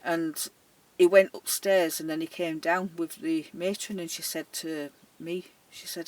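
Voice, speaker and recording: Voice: medium pitch, unhurried. A care worker telling a personal story casually, acting out the voices in it. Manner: animated, dialect-heavy, often laughing, acting out the voices in the story. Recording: voice a little distant from the mic.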